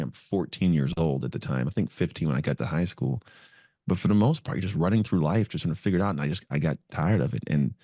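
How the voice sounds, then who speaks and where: A man's voice: deep voice, warm tone, dry recording, clean studio sound. A man as a podcast guest, telling his story in an earnest, reflective way and acting out the voices in his head. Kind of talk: storytelling interview.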